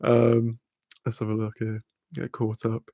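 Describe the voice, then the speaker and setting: A man's voice: medium pitch, monotone, unhurried, mellow, dry recording. A British man hosting a casual live-stream chat, rambling, swearing freely and laughing often as he reads viewer comments.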